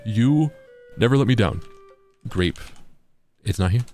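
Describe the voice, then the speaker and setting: A young man streams a cozy game and chats playfully with viewers, puzzling things out aloud. His pitch moves around a lot as he talks. Soft game music plays faintly behind him. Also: animated, a little slow, pauses often. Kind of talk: casual gaming commentary.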